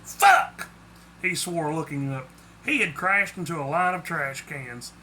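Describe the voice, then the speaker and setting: Reading his own short story aloud, a man speaks plainly in a storybook-narration style, making small slips along the way. His voice sits on the high side, moves at a normal speed, and has a sharp tone. The low-quality recording carries a little hiss or hum.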